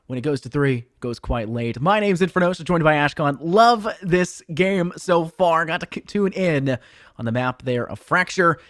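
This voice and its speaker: A young man casting a collegiate esports match, excited and joking, sounding tired. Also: on the high side, moderate pace, no room sound, clean studio sound. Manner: excited, jokey, rambling. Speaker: esports caster. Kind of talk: esports commentary.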